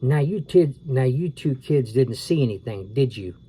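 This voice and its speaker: A man's voice: mid-range voice, animated, normal speed, mellow, husky. A man reading a storybook aloud and voicing a large, menacing adult male killer who snarls threats.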